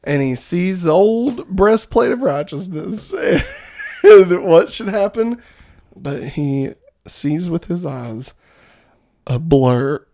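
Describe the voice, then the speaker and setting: A woman's voice: on the low side, big pitch swings, takes it slowly, warm tone. A woman co-hosting a podcast in casual chat, laughing often as she talks. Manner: giggly, laughs often while talking. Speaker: podcast co-host.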